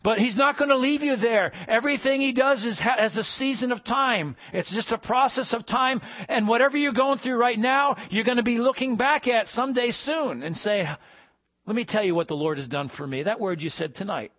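A man's voice: extremely high pitch, normal speed, few pauses, highs cut off. A man preaching a sermon as pastor, calling out to the congregation with asides. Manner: preaching with call-and-response asides.

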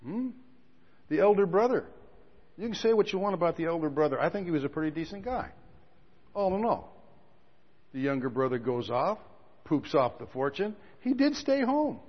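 A man preaching a sermon, telling stories with quiet asides that build to loud outbursts. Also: fairly high pitch, sing-song, moderate pace, long pauses, slightly rough. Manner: storytelling, swings from quiet asides to shouting. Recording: dull lo-fi recording with a long hall reverb.

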